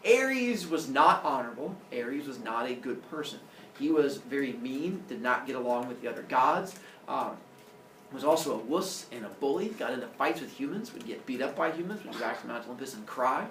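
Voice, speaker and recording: A male teacher telling myths to his class in a jokey, animated way, acting out the characters. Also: medium pitch, normal speed, slight background noise. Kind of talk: storytelling lesson. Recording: roomy classroom audio from far off.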